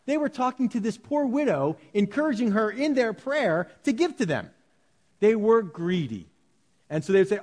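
Conversational middle-aged preacher. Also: male voice, high-pitched, very animated, moderate pace, a little mellow. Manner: conversational preaching with mock-pompous quoted prayers. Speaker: pastor. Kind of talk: sermon. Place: church hall.

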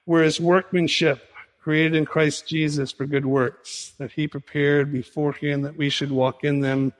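A male pastor preaching a sermon in an animated way, acting out conversations as he teaches. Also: on the high side, a little slow, big-room sound. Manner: animated preaching, acts out dialogue with Jesus.

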